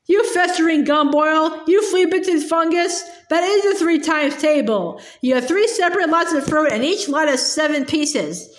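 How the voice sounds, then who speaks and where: A woman voicing a cruel, booming giant of a headmistress who shouts insults and barks orders, in an echoey room. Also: animated, moderate pace. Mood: furious.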